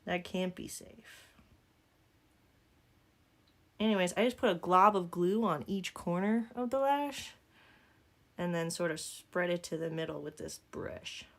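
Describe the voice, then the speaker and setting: A woman's voice: lowish voice, normal speed, gravelly. A woman with a Southern accent talking through a makeup tutorial in a casual, joking way, full of rambling asides. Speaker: makeup vlogger.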